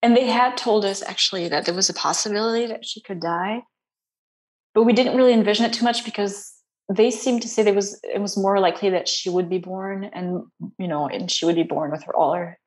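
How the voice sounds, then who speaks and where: Soft-spoken woman, halting interview guest. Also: mid-range voice, fairly even intonation. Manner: soft, halting, many restarts and fillers. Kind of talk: personal interview.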